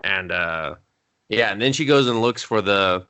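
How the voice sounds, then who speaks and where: Animated, swearing male movie podcaster. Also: fairly low pitch, unhurried, clean tone. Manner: animated, swears often, acts out scenes in voices. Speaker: podcast co-host. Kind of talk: casual film review chat.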